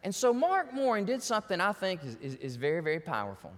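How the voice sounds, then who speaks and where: A man's voice: high voice, very animated, fast talker, long reverb tail. A man preaching a sermon as pastor, telling stories animatedly and acting out the voices of the people in them.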